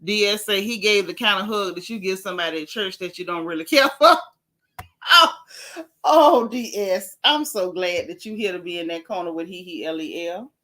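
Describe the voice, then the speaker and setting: A woman hosting a gossip vlog, talking casually in a sassy, animated way and repeating herself for emphasis. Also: mid-range voice, normal speed. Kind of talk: casual chat.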